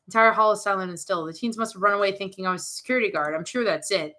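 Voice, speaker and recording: A woman's voice: medium pitch, rapid-fire, bright, forceful tone. A young woman streamer who makes jokey, jumpy commentary as she plays a horror game.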